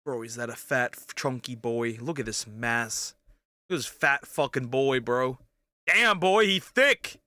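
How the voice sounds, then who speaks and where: Young male reaction streamer, crude and jokey, bright and dry. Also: mid-range voice, fairly even intonation, moderate pace, dry recording. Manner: crude, joking, restarts, bursts of yelling. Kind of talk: casual reaction commentary.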